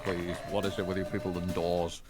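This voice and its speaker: A man's voice: sits low, a little fast, music in the background. A man playing a tabletop game online, wry and joking in casual chat. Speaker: player. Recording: steady background hiss.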